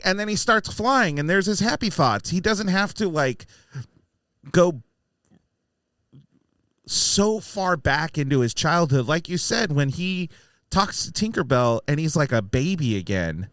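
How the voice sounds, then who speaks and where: Lively, animated man reviewing a film. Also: a little high, measured pace, dry recording, clean studio sound. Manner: animated, acts out lines in mocking voices. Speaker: podcast co-host. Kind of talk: casual film review chat.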